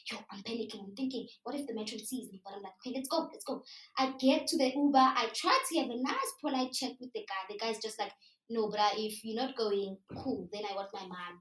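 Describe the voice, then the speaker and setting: Animated South African woman storyteller. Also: on the high side, brisk. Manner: animated, chatty, slips into local words. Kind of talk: live storytelling to an audience. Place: live event room. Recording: roomy sound from a distant mic.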